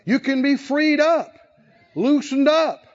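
A man preaching a sermon as pastor, shifting from soft talk to loud, shouted exhortation with laughs. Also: very high-pitched, slow, muffled recording.

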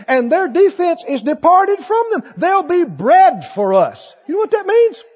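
A man's voice: very high-pitched, sing-song, a little slow, a little mellow. A man preaching a sermon as pastor, asking the congregation questions and acting out the voices of doubters. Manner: preaching with call-and-response questions; acts out quoted voices of doubters. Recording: dull recording in a large echoing hall.

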